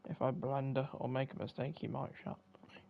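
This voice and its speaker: Tired, gravelly man streaming games. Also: medium pitch, level tone, a little fast, muffled recording, slight background noise. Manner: rambling, self-deprecating, many fillers. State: tired, yawning. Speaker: game streamer. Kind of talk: casual commentary while playing.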